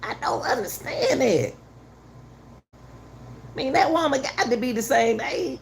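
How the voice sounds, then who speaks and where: A woman's voice: high-pitched, lively intonation, takes it slowly, creaky, slight background noise. A middle-aged woman giving heated, casual commentary to her viewers, repeating herself for emphasis. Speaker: channel host commenting on a news case.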